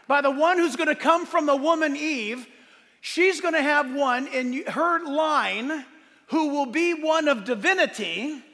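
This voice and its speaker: A man preaching a sermon as a pastor, emphatic, asking rhetorical questions, with loud bursts of emphasis. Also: very high voice, a little slow, big-room sound.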